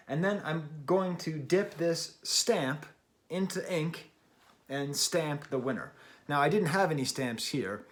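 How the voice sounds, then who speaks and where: A middle-aged man with a fairly high-pitched voice hosts his music review show off the cuff. He rambles in a chatty, self-deprecating way, with plenty of ums and little restarts along the way. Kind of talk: casual unscripted video talk.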